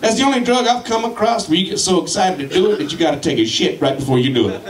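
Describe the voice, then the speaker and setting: A man's voice: high voice, quick pace. A man from Colorado doing a rowdy, profane stand-up comedy set. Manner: profane, rowdy, shouts at the crowd. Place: comedy club with live audience. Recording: echoey club from a distance.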